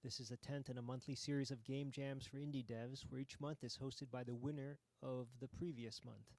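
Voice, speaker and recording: A man hosting a game jam, giving relaxed, hesitant commentary with frequent ums while playing a game. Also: medium pitch, brisk, no echo.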